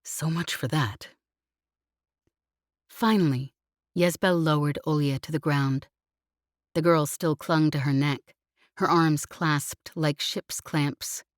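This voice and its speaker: A woman reading an audiobook in a measured, gentle narration. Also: low-pitched, steady tone, no room sound, studio quality. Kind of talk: scripted narration.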